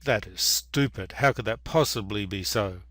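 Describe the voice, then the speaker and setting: A man's voice: lowish voice, bright, forceful tone, no echo, clean studio sound. A man voicing a hungry, dismissive male coyote in a told fable. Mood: scoffing. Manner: scoffing, slow.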